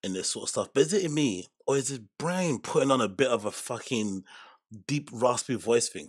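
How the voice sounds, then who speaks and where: Brief: male reaction host, husky and gravelly, rambling and profane. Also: mid-range voice. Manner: rambling, profane, stops and restarts often. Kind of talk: casual reaction commentary.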